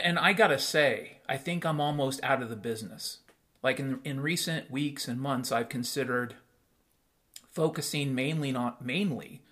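A man's voice: medium pitch, a bit bright. A man hosting a solo podcast, talking straight to his listeners in a blunt, sarcastic rant full of swearing and rhetorical questions. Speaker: podcast host.

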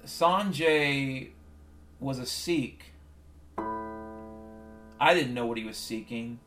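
A man's voice: mid-range voice, slow, a bit bright. Profane rambling man over piano. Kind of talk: rambling comic monologue. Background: piano music.

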